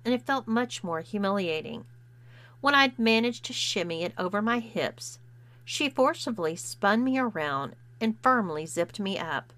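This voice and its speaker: A woman narrating a story in a steady, even reading voice. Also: mid-range voice. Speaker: story reader.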